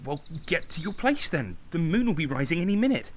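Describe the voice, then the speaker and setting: A lovesick young playwright in a radio play, soft, stammery, kinda pleading, faint hiss. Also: male voice, fairly low pitch, lively intonation, moderate pace. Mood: bossy, hurried. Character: young man Konstantin, earnest, lovesick playwright.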